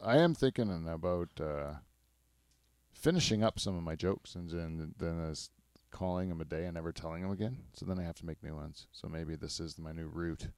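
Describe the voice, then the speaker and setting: A man hosting a podcast in casual, rambling chat, self-mocking and quick to laugh. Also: low-pitched, darkish tone, dry recording. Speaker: podcast host.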